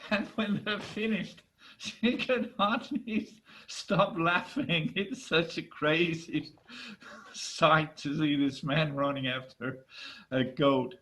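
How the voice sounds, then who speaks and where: Animated male storyteller, bright and slow, halting restarts, video call. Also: fairly high pitch, poor audio. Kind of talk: myth storytelling.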